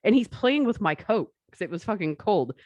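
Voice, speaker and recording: A woman co-hosting a podcast, telling stories in a profane, animated way. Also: medium pitch, moderate pace, no echo, muffled recording. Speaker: podcast co-host. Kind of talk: casual chat.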